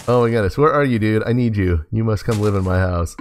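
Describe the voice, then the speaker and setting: A gaming host offers casual let's play commentary, talking to the animals in his game and laughing often. His voice is fairly low, and he talks fast with few pauses.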